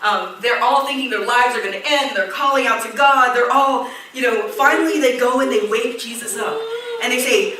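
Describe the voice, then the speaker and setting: A woman preaching a sermon in a church, telling a story with lively quoted voices. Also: sits high, normal speed, background noise. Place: church hall. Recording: echoey church hall, distant mic.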